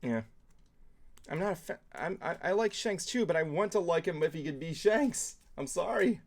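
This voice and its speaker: A man co-hosting a talk show, chatting casually in an animated, rambling way and swearing often. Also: high-pitched, normal speed, gravelly. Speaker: podcast co-host. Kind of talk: casual chat.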